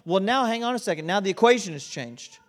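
A man's voice: high-pitched, animated, quick pace. A man preaching a sermon in an auditorium, in a conversational style with frequent "right?" asides. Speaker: pastor.

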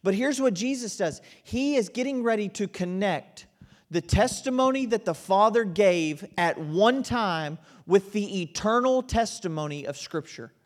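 A man's voice: high-pitched, expressive, measured pace. A man preaching a sermon in an auditorium, in a conversational style with frequent "right?" asides. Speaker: pastor.

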